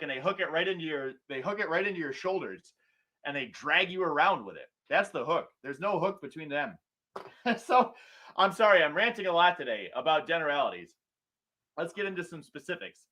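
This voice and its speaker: A man's voice: fairly high pitch, bright, forceful tone. Sarcastic ranting man. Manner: sarcastic, ranting, mocks politicians in put-on quotes. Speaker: political talk show host. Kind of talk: ranting political commentary.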